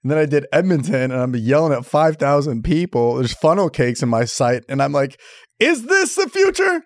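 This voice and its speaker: A man's voice: mid-range voice, brisk, a little mellow, no echo, clean studio sound. A man co-hosting a casual chat, riffing with jokes. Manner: joking, riffing interjections. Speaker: podcast co-host.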